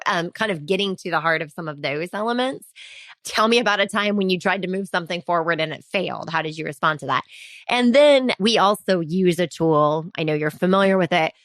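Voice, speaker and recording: A woman CEO speaking as a podcast guest, animated, laughing easily and acting out quoted voices. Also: lowish voice, dry recording. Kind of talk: conversational interview.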